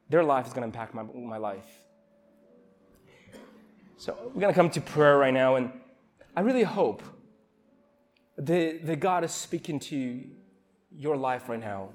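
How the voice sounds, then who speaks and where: Earnest young man preaching, fairly high voice. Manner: emotional, earnest, halting restarts. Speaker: youth camp preacher. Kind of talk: informal sermon.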